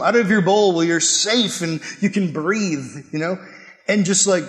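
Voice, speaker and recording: A man preaching a sermon, telling a personal story with animated delivery and quick laughs. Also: high voice. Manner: animated, acts out quotes and laughs while telling stories.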